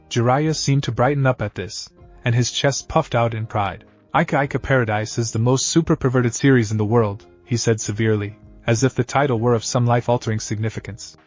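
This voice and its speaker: A man giving a steady scripted narration of a fan-fiction story. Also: mid-range voice. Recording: dull lo-fi audio. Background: faint background music.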